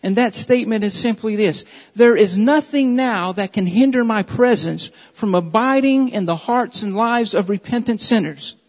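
A very high-pitched man delivering a sermon, pressing each point with repeated emphatic phrases. His voice rings out with a long reverb through a church sanctuary. The audio is dull and muffled. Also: moderate pace, hardly any pauses. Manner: emphatic, repetitive preaching cadence. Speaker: preacher.

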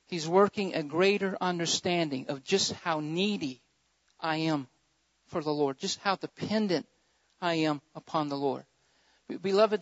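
A man preaching with a high, lifted voice and impassioned fervor, rising into loud surges, then dropping to quieter emphatic passages. He repeats his key phrases for emphasis. The recording is dry and dull, like a lo-fi sermon tape. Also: no room sound. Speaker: pastor.

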